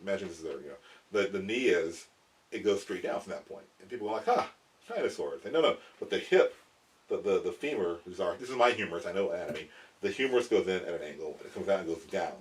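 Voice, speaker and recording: A young man hosting a casual explainer vlog about prehistoric animal figures, rambling and animated, often cutting himself off and chuckling at his own asides. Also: deep voice, quick pace, distant mic.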